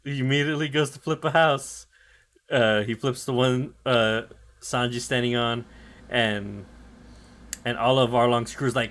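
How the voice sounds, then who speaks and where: A man's voice: medium pitch, fairly even intonation, measured pace, fairly bright tone. A man co-hosting a podcast, retelling anime episodes in loose casual chat full of fillers, swearing and acted-out character lines. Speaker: podcast co-host recapping anime.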